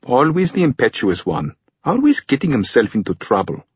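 A man's voice: medium pitch, huge pitch swings, moderate pace, breathy edge, no room sound, voice pushed up, exaggerated voice. A male audiobook reader voicing a fretful younger man grumbling about his impetuous sibling. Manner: fretful, complaining. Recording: dull lo-fi recording.

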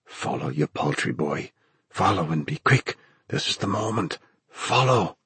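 A man's voice: sits low, animated, measured pace, a bit bright, breathy edge, heavily acted. A man voicing a stern, impatient father who gives curt orders, in a storybook reading. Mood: commanding. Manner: curt, commanding.

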